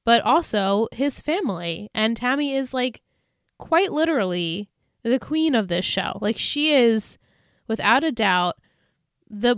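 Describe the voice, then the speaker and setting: A woman's voice: medium pitch, a bit bright, clear, resonant tone, no room sound, clean studio sound. A woman co-hosting a podcast, chatting casually and bluntly about a TV episode, laughing often. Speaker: podcast co-host. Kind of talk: casual chat recapping a TV episode.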